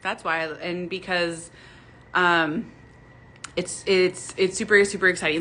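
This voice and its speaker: Bright-voiced chatty young woman on a phone. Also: on the low side, steady tone, slow pace, long pauses, low-quality recording. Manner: chatty, rambling, many fillers and restarts. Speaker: vlogger. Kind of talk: casual live-stream chat. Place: home room lit by a ring light.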